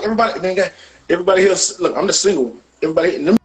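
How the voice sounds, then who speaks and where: Brief: quick, high-pitched man, loose rambling banter over faint music. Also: rough recording. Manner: rambling, repeats "you hear me". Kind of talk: casual banter.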